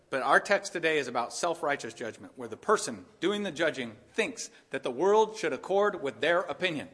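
A man preaching a sermon with a high, bright voice. He drops low for dry, sarcastic asides, then rises into loud, emphatic preaching. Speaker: pastor.

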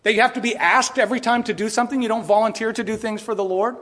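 A man's voice: high-pitched, fairly even intonation, very fast, a bit bright, big-room sound. A middle-aged male pastor preaching a sermon, firing rhetorical questions and briefly mimicking other voices.

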